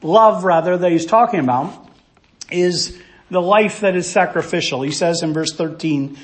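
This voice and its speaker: High-voiced man preaching verse by verse. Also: normal speed. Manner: earnest, teaching verse by verse; asks rhetorical questions. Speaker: pastor. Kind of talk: expository sermon.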